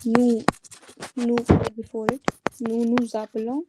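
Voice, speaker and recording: A woman's voice: fairly high pitch, completely flat delivery, a little slow, very noisy. A woman teaching a French grammar lesson to a student, patiently repeating each conjugation aloud.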